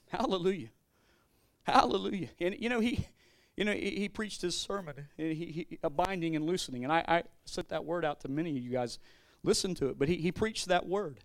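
Male pastor, high voice, excitable sermon delivery with stammering restarts, dry close sound. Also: fairly quick, no room sound. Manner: animated, swings between loud declarations and quiet storytelling, stammering restarts.

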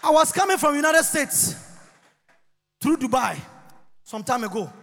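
Preacher, male, high forceful voice, long church-hall reverb, shouts and chants. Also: animated, measured pace, a faint crowd. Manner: shouts and chants, sings phrases, mimics people. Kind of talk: lively sermon with shouting.

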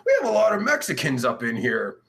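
A man hosting a crude livestream chat show, yelling, swearing and cackling as he reads comments. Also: mid-range voice, huge pitch swings, fast. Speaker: host.

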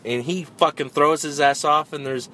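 A man in casual chat, retelling a movie with lots of swearing and animated energy. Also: a little high, normal speed, slight background noise.

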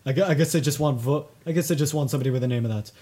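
A man's voice: medium pitch, rapid-fire, dark tone. A man playing a mock job interviewer in an improvised comedy sketch, flustered and stammering. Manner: flustered, stammering, breaks into laughter.

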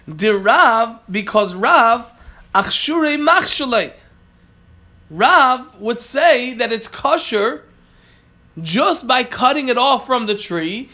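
A man's voice: high voice, pushed and bright. A man teaching a Talmud class, reading Aramaic phrases and then explaining them plainly, often catching and correcting himself.

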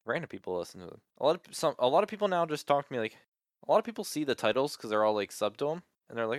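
A young man co-hosts a podcast in casual chat, rambling with plenty of fillers and restarts. His voice is mid-range, very animated, and racing.

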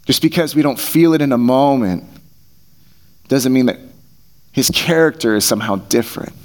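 A man's voice: medium pitch, normal speed, a little mellow. A man preaching a sermon as pastor, conversational and earnest, repeating phrases for emphasis, on a mic taped to his face. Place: church hall. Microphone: headset mic taped to face.

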